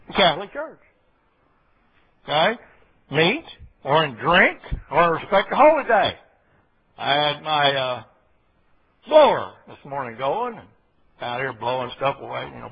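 A man's voice: on the high side, very animated, measured pace, gravelly, long pauses, slightly rough. A man preaching a folksy sermon, full of rambling asides and checks with his listeners. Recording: dull lo-fi recording.

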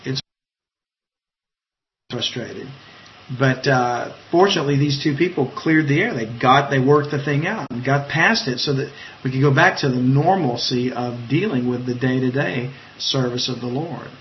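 Guy doing a laid-back online bible study, lots of ums and restarts, mid-pitch, kinda muffled stream. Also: a little hiss or hum. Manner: conversational, halting, with many fillers and restarts. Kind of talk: informal live-streamed Bible teaching.

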